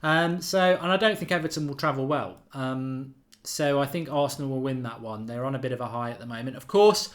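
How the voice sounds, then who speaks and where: A man hosting a football fan channel, giving opinionated predictions in casual live-stream chat, animated and full of fillers. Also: medium pitch, fairly quick.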